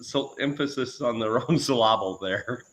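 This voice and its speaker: A man's voice: medium pitch, moderate pace, fairly bright tone, slight background noise. A man in casual banter, teasing and playful.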